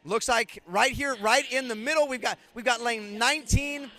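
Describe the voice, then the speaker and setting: A man with a strikingly high, bright voice calls a live fitness competition. He talks in a chatty, rambling way, often restarting his sentences. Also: normal speed, faint music behind. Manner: rambling storyteller, many restarts. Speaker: event commentator. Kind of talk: live sports commentary.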